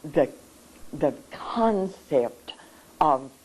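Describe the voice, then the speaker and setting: Slow, halting, earnest seminar speaker. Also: medium pitch, expressive, darkish tone, husky, rough recording. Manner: halting, with many pauses and repeated words; earnest and emotional. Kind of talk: emotional seminar testimony.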